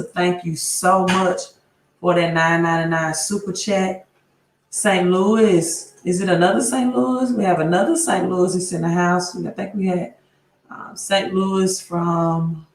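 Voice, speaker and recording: A woman hosting a live stream, greeting viewers one by one and often tagging her phrases with "right?". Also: mid-range voice. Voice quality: repeats place names, tags phrases with "right?". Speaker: livestream host. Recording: roomy echo.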